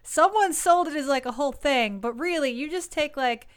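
A woman co-hosting a casual chat podcast with her sisters, teasing with quick, skeptical comebacks. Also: sits high. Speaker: podcast co-host.

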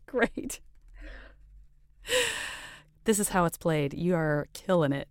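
A woman's voice: deep voice, lively intonation, takes it slowly, clean tone, no room sound, clean studio sound. A woman hosting a casual podcast interview, talking with effusive enthusiasm. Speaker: podcast host.

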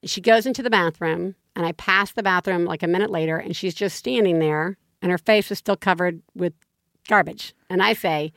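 On a podcast she co-hosts, a woman tells a parenting story in casual chat at a moderate pace, her animated delivery jumping high whenever exasperation hits. The studio sound is clean, with no echo.

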